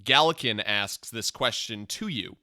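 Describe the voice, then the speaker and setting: A man's voice: medium pitch, expressive, pushed and bright, no echo, studio quality. A man hosting a podcast interview in a casual, upbeat way. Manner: upbeat, quick to laugh. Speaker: podcast host.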